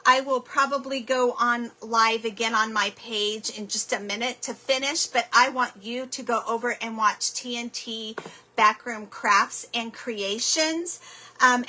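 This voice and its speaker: A woman's voice: fairly high pitch, sharp tone, low-quality recording. A woman hosting a live craft stream, chatting casually and apologizing as she gets flustered. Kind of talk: casual craft livestream chat.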